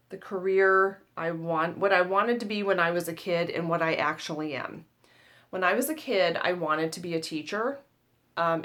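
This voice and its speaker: A woman's voice: fairly low pitch, fairly bright tone. A woman in her forties from the United States, hosting her own tarot channel and chatting casually to camera. She talks in a chatty, self-mocking way and laughs at herself. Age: 40s.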